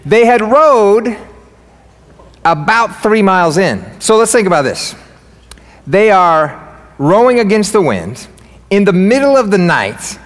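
A man preaching a sermon as pastor in a church, energetic, joking and fired up. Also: sits high, slow pace, pauses often, long reverb tail. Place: church sanctuary.

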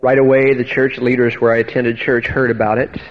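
A man's voice: mid-range voice, little pitch movement, fairly quick. A man preaching and telling his own testimony, earnest and emphatic, often restarting his words. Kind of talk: sermon with personal testimony. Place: church hall. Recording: dull, echoey church hall, radio-style.

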